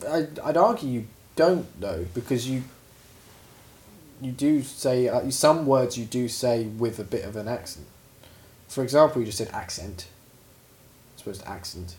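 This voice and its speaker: A man in relaxed podcast banter with a friend. He teases, rambles, and laughs often. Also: medium pitch, normal speed. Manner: teasing, chatty, laughs often. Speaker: podcast co-host. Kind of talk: casual banter.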